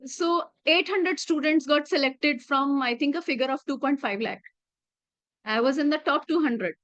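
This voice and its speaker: A woman's voice: sits high, normal speed, a bit bright, dry recording. A woman in her late thirties with an Indian accent, a teacher telling classroom anecdotes in a chatty way and mixing in Hindi phrases. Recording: slightly muffled dry recording.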